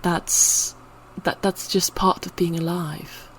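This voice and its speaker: Teary woman rambling, slightly low voice. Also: steady tone, slow pace, fairly bright tone, slight background noise. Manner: emotional, on the verge of tears, drops to whispers at times. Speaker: channel host. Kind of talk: unscripted personal ramble.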